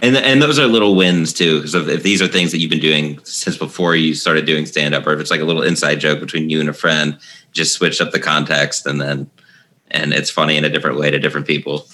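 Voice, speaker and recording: A man hosting a podcast, asking a comedian about his jokes in a halting, casual way. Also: extremely low pitch, steady tone, bright, forceful tone, slight background noise. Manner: halting, many fillers and restarts. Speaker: podcast host. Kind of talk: interview questions, casual chat.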